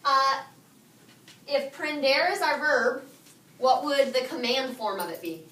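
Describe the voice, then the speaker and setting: A woman teaching a high school Spanish class, quizzing her students and repeating their answers back to them. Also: slow, bright, forceful tone, a little hiss or hum. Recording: echoey classroom from far off.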